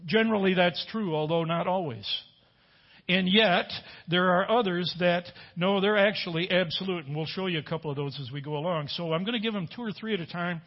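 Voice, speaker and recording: A middle-aged man preaching a sermon, halting with fillers and restarts, slowing down to quote scripture with emphasis. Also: high voice. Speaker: pastor. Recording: dull lo-fi audio.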